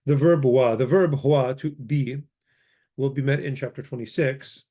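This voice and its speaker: Male language teacher, offhand and chatty, mellow tone, mid pitch; reads examples and mutters self-corrections. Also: a little slow. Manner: casual, thinks aloud, corrects himself, mutters asides. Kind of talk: informal grammar lesson, reading from a textbook.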